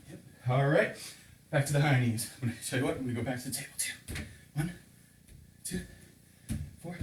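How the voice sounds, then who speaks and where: A man's voice: medium pitch, a little hiss or hum. A man coaching a home workout, counting reps and explaining exercises, a bit out of breath as he works out along. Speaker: fitness coach. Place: home room with table and couch. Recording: echoey room, distant mic.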